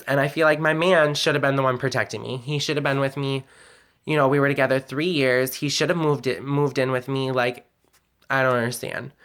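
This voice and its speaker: A man's voice: mid-range voice, sharp tone. A man telling a personal story in a confessional vlog, candid and emotional, rambling with many "like"s and the odd swear word. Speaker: vlogger.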